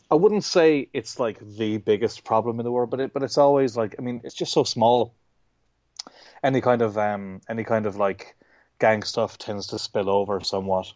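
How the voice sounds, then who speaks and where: Irish guest in his thirties: relaxed, rambling, salty, dry close mic. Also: fairly low pitch, no room sound, muffled recording. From Ireland. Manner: rambling, self-interrupting, swears casually. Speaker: guest comic artist. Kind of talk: casual interview chat.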